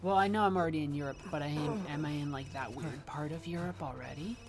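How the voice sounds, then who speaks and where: A woman's voice: sits low, quick pace. A woman livestreaming a game, giving chatty, wry commentary with rambling asides. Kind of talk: casual gameplay commentary.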